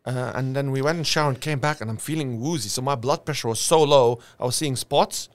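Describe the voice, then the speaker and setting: A man in his fifties from Lebanon, telling animated anecdotes in casual chat, laughing often and restarting his sentences. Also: mid-range voice, a little fast, dry recording.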